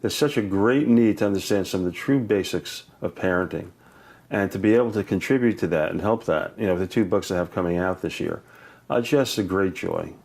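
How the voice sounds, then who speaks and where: Older male educator guest, low voice, lively anecdotes with laughter. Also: brisk. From Brooklyn, New York. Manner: animated, laughs often, acts out voices in stories. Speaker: educator and author, interview guest. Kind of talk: warm anecdotal storytelling.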